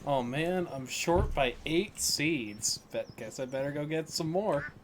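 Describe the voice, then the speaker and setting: A man streaming a game, chatting casually and joking with friends in a raspy voice. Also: fairly high pitch, animated, a little slow, a little hiss or hum. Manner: joking, laughs a lot. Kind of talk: casual chat while gaming.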